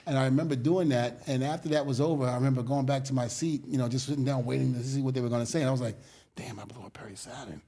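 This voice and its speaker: A man telling stories in an interview, animated, acting out quotes and laughing often. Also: mid-range voice, very fast, hardly any pauses. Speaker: guest, former wrestler. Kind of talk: storytelling interview.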